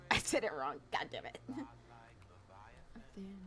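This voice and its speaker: A woman's voice: mid-range voice, big pitch swings, slow pace. A young adult woman streaming while she draws, chatting casually, laughing often and swearing freely. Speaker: streamer and artist. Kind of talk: casual live-stream chat while drawing.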